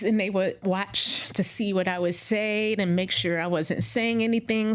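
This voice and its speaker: A woman dentist telling her career story in an interview, emotional and animated, acting out what she said back then. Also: mid-range voice. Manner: emotional, animated, acts out her own quotes.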